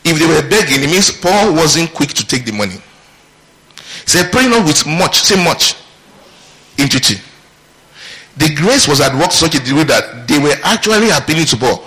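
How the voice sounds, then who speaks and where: A man's voice: medium pitch, expressive, brisk, sharp tone, low-quality recording. A male pastor preaching a sermon, reading scripture aloud and asking his congregation questions as he teaches.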